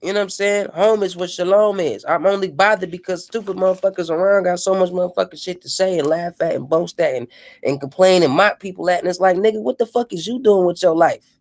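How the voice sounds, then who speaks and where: A man's voice: high-pitched, fast. A man delivering an impassioned, profane rant with a preachy edge, often repeating "you know what I'm saying.".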